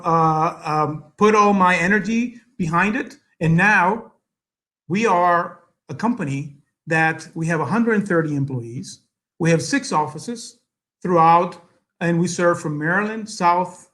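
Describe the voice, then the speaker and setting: High-voiced man telling his story. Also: bright, forceful tone. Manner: halting, with many restarts and fillers. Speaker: guest speaker, business founder. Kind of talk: personal story speech.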